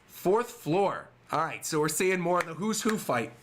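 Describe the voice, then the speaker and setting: A man's voice: a little high, moderate pace, slight background noise. A man doing a casual livestream reaction to a manga chapter, reading panels aloud and chatting with his viewers. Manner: animated, reads panels aloud and chats to viewers. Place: temporary room away from home. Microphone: webcam setup.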